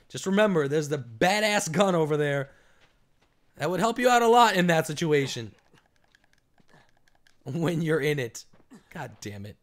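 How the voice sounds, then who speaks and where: A man giving casual let's-play commentary, excitable, with loud outbursts and cursing. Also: sits high. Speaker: gaming commentator.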